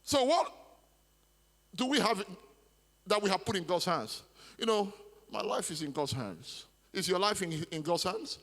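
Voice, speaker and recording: Pastor guy preaching, high voice, keeps repeating himself, long church reverb. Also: very animated, unhurried, long pauses, a bit bright. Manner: preaching with emphatic repetition and stammered restarts. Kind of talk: sermon. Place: large church hall.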